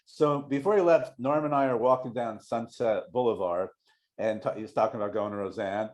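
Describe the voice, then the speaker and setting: A middle-aged man, a longtime TV showrunner, telling casual anecdotes in a rambling way, full of restarts and quick acted-out voices for the people he quotes. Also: mid-range voice, a little mellow.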